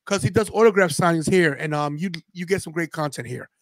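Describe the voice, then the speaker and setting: Podcast host, male, high-pitched, chatty storyteller; dry close mic. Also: brisk, no echo. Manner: animated storyteller, quotes friends in a loose slangy way. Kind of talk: casual watch-party chat.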